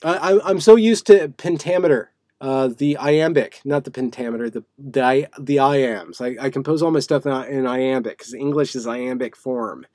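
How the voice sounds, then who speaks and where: A man's voice: medium pitch, normal speed, few pauses, mellow, no room sound, studio quality. A man hosting a live stream from a small room, talking casually and playfully in a rambling way, with many fillers and restarts. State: sweaty. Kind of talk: casual livestream monologue.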